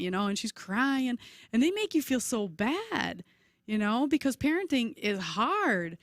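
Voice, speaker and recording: A woman in her forties, a podcast guest in casual chat, telling lively stories and acting out voices. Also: on the high side, unhurried, no echo, clean studio sound. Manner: chatty, animated storyteller, acts out voices.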